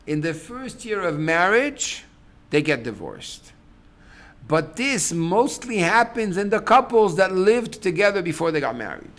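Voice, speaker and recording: A middle-aged man, a rabbi, giving a lecture to a class on relationships. He tells stories in a lively way, acts out what people say, and breaks into sudden loud outbursts. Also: sits high, a little slow. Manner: animated storyteller, acts out quotes, sudden loud bursts.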